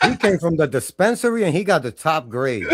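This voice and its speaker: A young man hosting a casual reaction panel, talking in a loud, excitable and profane way. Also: a little high, fairly quick, noisy background. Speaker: panel host.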